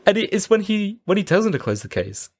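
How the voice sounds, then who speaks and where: A man co-hosting a casual film podcast, retelling scenes and jumping into quick voices for the characters. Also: high-pitched, sing-song, dry recording, studio quality. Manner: acts out film scenes with quick jumpy voices, laughs often. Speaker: podcast co-host. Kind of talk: casual film-review chat.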